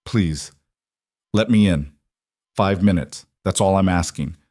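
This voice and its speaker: A manipulative young alpha king, pleading and earnest, as a man reads him in a storybook audiobook. The voice is low and dry, close to the mic. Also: takes it slowly, warm tone, dry recording.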